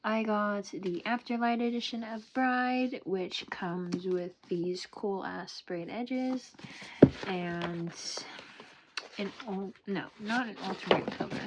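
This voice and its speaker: A woman's voice: medium pitch, unhurried. Giggly, gushing young woman book vlogger. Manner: excitable, gushing, giggly, rambling. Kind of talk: casual book collection showcase. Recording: noisy home recording.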